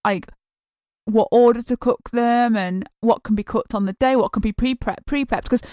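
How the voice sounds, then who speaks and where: A woman's voice: fairly high pitch, normal speed, mellow, no echo, clean studio sound. A woman co-hosting a podcast, chatting casually and asking questions in a hesitant, curious way. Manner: hesitant, many fillers and restarts, curious. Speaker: podcast co-host.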